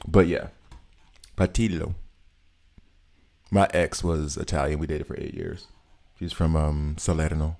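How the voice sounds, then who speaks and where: A man's voice: extremely low pitch, little pitch movement, measured pace, creaky, long pauses. An American man chatting casually on a live game stream, greeting viewers and laughing often. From United States. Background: soft background music.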